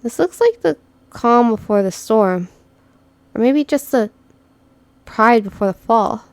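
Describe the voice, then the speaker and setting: Brief: woman reading as a dry, sarcastic young operative, slow and mellow. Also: fairly high pitch, expressive, dry recording. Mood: wry. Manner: wry, sarcastic.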